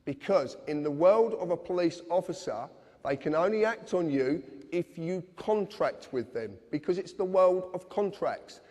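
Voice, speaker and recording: A man's voice: high-pitched, lively intonation, normal speed, darkish tone. A man giving an earnest, insistent lecture to a live audience, speaking directly to his listeners. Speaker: public speaker. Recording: long reverb of a hall.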